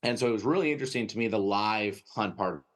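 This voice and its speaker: A man with a Wisconsin accent, a guest telling a lively anecdote in an interview and often tagging his sentences with "right?". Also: lowish voice, fast talker. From United States. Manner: lively anecdotal storytelling, frequent "right?" tags. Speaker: guest, dog trainer. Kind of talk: storytelling interview.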